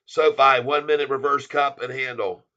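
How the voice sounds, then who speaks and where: A man hosting a casual stock market vlog, talking bluntly and with excitement. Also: medium pitch, moderate pace, highs cut off. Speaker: stock channel host.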